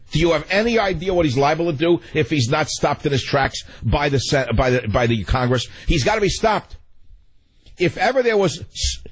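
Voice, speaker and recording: A man hosting a political talk radio show, ranting fast and emotionally and running over his words. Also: on the high side, slightly rough, low-quality recording.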